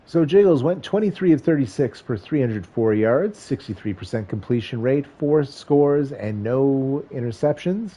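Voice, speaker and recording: Male streamer, mid-range mellow voice, wry play-by-play over a football video game. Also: medium pitch, expressive, normal speed, hardly any pauses, dull audio. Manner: wry, joking asides between stat rundowns.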